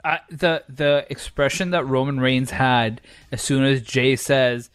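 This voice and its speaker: A man co-hosting a casual wrestling chat, excitable and animated, acting out his own reactions and swearing freely. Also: medium pitch, measured pace, hardly any pauses, no echo. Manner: excitable, acts out reactions with shouted quotes. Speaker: podcast co-host.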